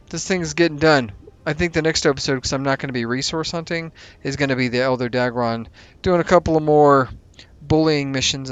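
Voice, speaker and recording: A man's voice: fairly high pitch, clean tone. A man hosting a let's play, giving casual commentary over his gameplay. He is chatty, thinks aloud and makes self-mocking asides.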